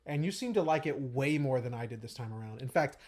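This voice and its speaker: A man co-hosting a gaming podcast, talking in a relaxed, hesitant way with many fillers. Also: medium pitch, fast. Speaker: podcast co-host. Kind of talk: casual chat.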